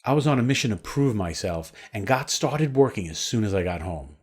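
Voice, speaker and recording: A man's voice: on the low side, animated, brisk, husky. A man narrating a scripted sales webinar in a persuasive, storytelling way.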